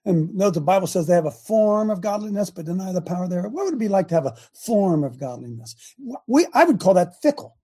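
A man's voice: high-pitched, big pitch swings, brisk, few pauses, mellow, husky. A man hosting an online faith show, preaching casually to a live audience. He talks straight to viewers with lots of repeated questions and often restarts his sentences.

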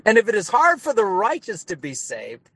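A man's voice: high voice, wildly swooping pitch, moderate pace, creaky, fairly bright tone, no echo. A man who is a pastor, preaching with emphatic repetition and sudden rising bursts during a group discussion on a video call.

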